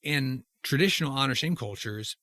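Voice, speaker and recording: A man's voice: medium pitch, expressive, moderate pace, sharp tone, no echo. Male podcast host, conversational and reflective, dry close-mic sound. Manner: thoughtful, asks open questions. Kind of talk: casual discussion.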